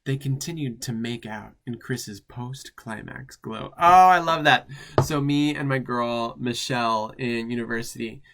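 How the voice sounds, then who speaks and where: A man's voice: mid-range voice, steady tone, measured pace, gravelly, hardly any pauses. Campy drag queen reading with sassy asides. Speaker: drag queen host reading fan fiction. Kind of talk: comedic reading with commentary.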